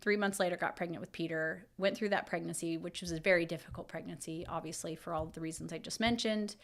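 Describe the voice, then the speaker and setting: A woman's voice: on the low side, fast. Woman in her 30s on a podcast, casual story time, gets emotional, acts out what she was thinking. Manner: storytelling, lively and emotional, quoting her own thoughts. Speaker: podcast co-host. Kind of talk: casual chat.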